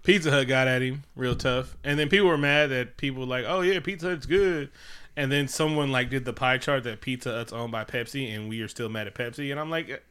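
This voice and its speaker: A man co-hosting a casual comedic chat at home, animated and profane, often slipping into mocking quoted voices. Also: mid-range voice, a little fast, clear, resonant tone. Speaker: podcast co-host.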